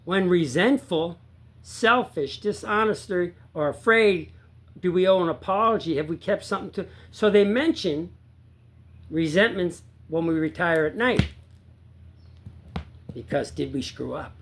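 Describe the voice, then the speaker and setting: Earnest man talking recovery, pitched a bit high. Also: a little slow, slight background noise. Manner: earnest, repeats himself, swings from loud emphatic to quiet low. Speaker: sobriety coach. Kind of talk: casual recovery talk to viewers.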